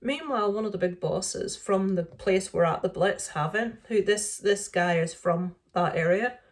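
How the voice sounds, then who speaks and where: A middle-aged woman talks straight to her camera, recounting a story in a casual, rambling way. Her voice sits at an ordinary middle pitch, and she sounds indignant, full of "um"s and restarted sentences. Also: normal speed. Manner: indignant retelling, lots of fillers and restarts. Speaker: vlogger.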